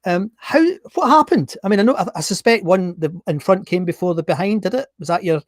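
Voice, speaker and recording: A Scottish man hosting a casual interview, asking halting questions with restarts and quick affirmations. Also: high voice, expressive, dry recording, studio quality. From Scotland. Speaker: interview host.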